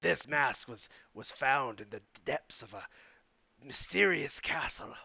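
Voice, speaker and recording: A man playing a tabletop game, hamming up an in-character sales pitch with stumbles and restarts. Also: lively intonation, measured pace, creaky, bright, forceful tone, husky, no room sound, highs cut off. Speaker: player. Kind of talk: casual tabletop role-play.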